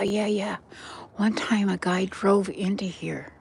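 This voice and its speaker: A woman's voice: medium pitch, steady tone, slow, gravelly, darkish tone, slight background noise. An older woman rambling through a walk-and-talk vlog outdoors by a river, chatting straight to her viewers on a handheld phone. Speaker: vlogger. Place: outdoors by a river in cold weather.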